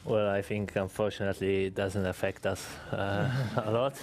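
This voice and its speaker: A man, a racing driver, answering a press conference question hesitantly with many pauses. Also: on the low side, level tone, slight background noise.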